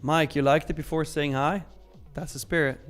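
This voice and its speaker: A man's voice: on the high side, steady tone, moderate pace, a bit bright, soft background music. Upbeat young man hosting a live stream. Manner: chatty, upbeat, laughs often, slang like fire. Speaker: live trading stream host. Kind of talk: casual live-stream chat reading viewer comments.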